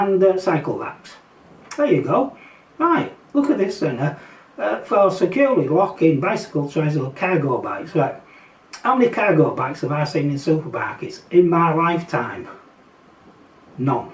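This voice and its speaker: A man's voice: on the high side, very animated, moderate pace, darkish tone. Sarcastic Yorkshire man ranting in a roomy space. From Yorkshire, England. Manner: sarcastic, blunt, rambling with fillers and mocking asides. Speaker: vlogger. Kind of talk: casual opinion rant. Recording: roomy echo, distant from mic.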